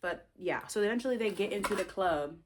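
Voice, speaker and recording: A young woman telling a story in a casual, animated, slangy way while doing her makeup. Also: medium pitch, a little fast, noisy background. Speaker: vlogger and author.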